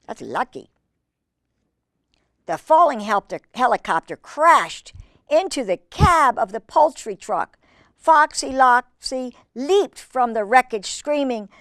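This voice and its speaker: A woman's voice: high voice, slow pace, no room sound, clean studio sound. A woman reading a picture book aloud to children, exclaiming and chatting about the pictures. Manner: animated, exclaiming, chatty asides to kids. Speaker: children's storytime reader.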